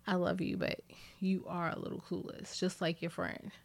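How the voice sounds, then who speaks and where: A woman's voice: on the low side, flat delivery, moderate pace, creaky, no echo. A woman hosting a podcast in casual chat, playful and chatty, laughing often and dropping into whispered asides. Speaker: podcast host.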